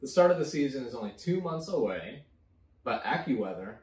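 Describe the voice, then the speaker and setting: A man's voice: medium pitch, very animated, fairly quick, darkish tone, roomy sound, distant mic, low-quality recording. A man co-hosting a casual drinking chat, ranting and swearing as he talks. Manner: profane, ranting. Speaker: podcast co-host.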